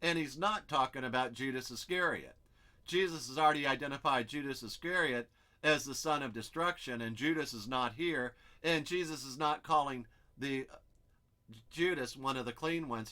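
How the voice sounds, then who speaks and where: Bright-voiced man teaching scripture. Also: medium pitch. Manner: explains step by step, thinking aloud over on-screen text. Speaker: Bible teacher. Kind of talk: expository Bible study lesson.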